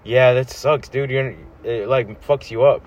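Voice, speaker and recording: A laid-back man co-hosts a podcast chat and swears freely. His voice sits at a middle pitch. The audio is dull and lo-fi. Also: fairly even intonation, unhurried. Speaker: podcast co-host. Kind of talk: casual chat.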